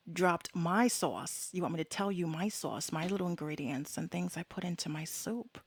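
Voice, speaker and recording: In a dry, clean studio recording, a woman with a fairly low voice hosts her podcast solo and casually. She offers blunt, heated opinions in frank slang, cursing freely.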